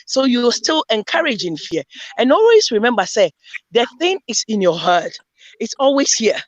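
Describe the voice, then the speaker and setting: Animated woman telling stories. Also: a little high, normal speed, dry recording, rough recording. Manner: animated storytelling, mixes in Twi phrases. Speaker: panelist. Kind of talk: casual group discussion.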